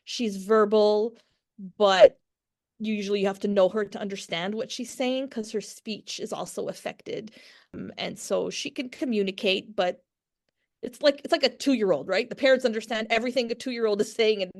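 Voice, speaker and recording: A woman in her forties, a podcast guest talking candidly in conversation, frank and quick to laugh, with frequent restarts. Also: medium pitch, darkish tone.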